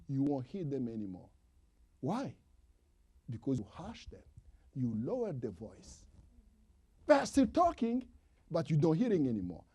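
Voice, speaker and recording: A male preacher delivering a sermon in non-native English, swinging from emphatic calls to hushed whispers and repeating lines for emphasis. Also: medium pitch, breathy edge.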